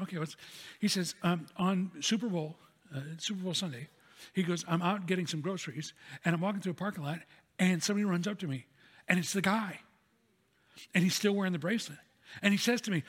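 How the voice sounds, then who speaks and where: A man's voice: on the high side, a bit bright, husky. A man preaching a sermon as pastor, earnest and telling stories, repeating key phrases for emphasis. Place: church sanctuary. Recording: long hall reverb.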